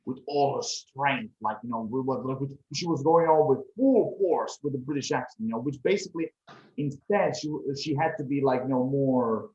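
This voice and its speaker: A man's voice: medium pitch, moderate pace, darkish tone. Man from Croatia, rambling podcast chat, lots of fillers, echoey room, dull lo-fi sound. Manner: rambling, many fillers like "you know". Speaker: podcast co-host. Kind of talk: casual movie review chat.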